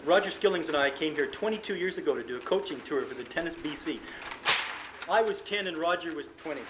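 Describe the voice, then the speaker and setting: Man, lecture to coaches, casual and joking, acts out scenes, a bit high-pitched, faint tape noise. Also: expressive, quick pace. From Canada. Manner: conversational, acts out coach and athlete dialogue, self-deprecating humor. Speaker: sports psychologist giving a coaches' seminar. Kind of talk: live seminar lecture. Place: conference room before an audience.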